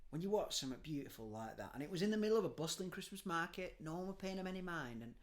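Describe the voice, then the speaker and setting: A man chatting on a comedy podcast, swinging between soft, hushed storytelling and loud, laughing outbursts. His pitch jumps around a lot as he rants and jokes, swearing casually. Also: rapid-fire. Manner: animated storytelling, swears freely, laughs often, drops to a hushed tone. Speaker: podcast host.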